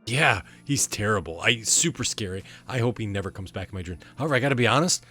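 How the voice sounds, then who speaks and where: A man voicing an excitable eight-year-old boy who stammers and gushes. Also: fairly low pitch, fast, breathy edge, soft background music, heavily acted. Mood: rattled. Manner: stammering, gushing, breathless excitement.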